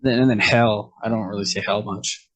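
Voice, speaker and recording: A man's voice: fairly low pitch, fairly even intonation, normal speed, a bit bright. A man as a podcast guest in casual chat, easygoing, dropping chuckling asides and short backchannels.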